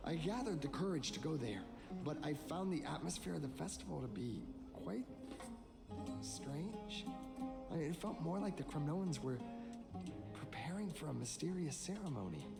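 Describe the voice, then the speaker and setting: A woman's voice: low voice, big pitch swings, moderate pace, vocal fry, over loud music, pitched below the performer's own voice, heavily acted. A woman voicing a nervous, timid male civilian who stammers and apologizes, reading game lines in character.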